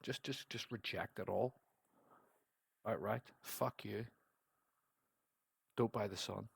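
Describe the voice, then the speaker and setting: A man talking with a low voice and a blunt, ranting manner, swearing freely as he reacts to a clip. The sound is close and dry, with no room around it. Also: steady tone, takes it slowly, vocal fry, slightly rough, no room sound. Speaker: podcast host reacting to a clip. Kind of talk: casual commentary.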